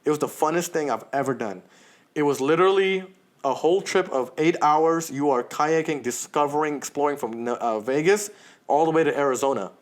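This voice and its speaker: A man's voice: a little high, a little fast. A man co-hosting a podcast, telling a long story in casual chat, laughing often and swearing freely. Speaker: podcast co-host.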